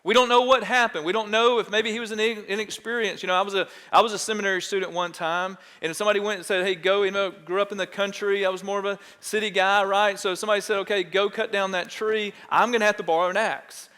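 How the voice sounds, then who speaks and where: A man's voice: sits high, steady tone, quick pace, hardly any pauses, sharp tone, clear, resonant tone, in a large hall. A man, a pastor preaching a conversational sermon in church that keeps checking in with the congregation. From Texas. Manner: conversational, asks the congregation questions. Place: church sanctuary.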